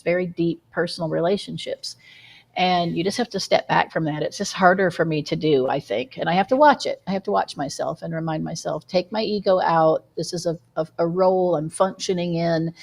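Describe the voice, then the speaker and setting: A woman with a lowish, gravelly voice gives an earnest, personal answer on a panel show. She sometimes stumbles and restarts her sentences. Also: darkish tone. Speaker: co-host and high priestess.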